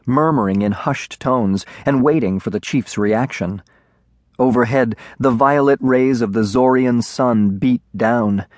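Man reading a children's storybook, measured and expressive, mid voice, dry booth. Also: medium pitch, no echo. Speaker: audiobook narrator. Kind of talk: scripted children's storybook narration.

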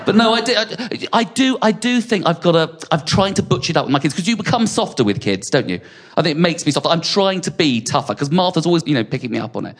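A middle-aged man performing stand-up comedy, telling self-mocking stories with quick asides to the audience. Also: on the high side, lively intonation. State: sweating on stage. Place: comedy venue with a live audience.

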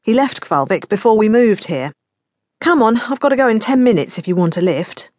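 A woman narrator voicing a practical middle-aged mother and detective who talks brisk and matter-of-fact. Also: fairly high pitch, lively intonation, darkish tone, no echo, studio quality, pitched above the performer's own voice.

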